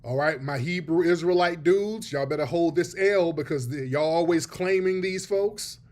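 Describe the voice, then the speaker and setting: Male host, pointed emphatic commentary, a little higher voice. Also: moderate pace, darkish tone. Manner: emphatic, addresses audience as family. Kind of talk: commentary on played clips.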